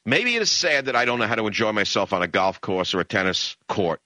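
Forceful older New talk-radio ranter. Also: male voice, big pitch swings, quick pace, no echo. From the Bronx, New York. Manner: emphatic, ranting, swings into high mocking outbursts. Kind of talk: impassioned radio monologue.

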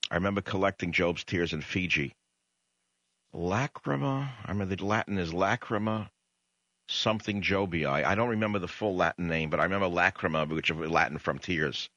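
Male radio host, lowish bright voice, sardonic and rambling, dry studio sound. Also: fairly quick, no room sound, muffled recording. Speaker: radio talk show host. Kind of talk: radio talk monologue.

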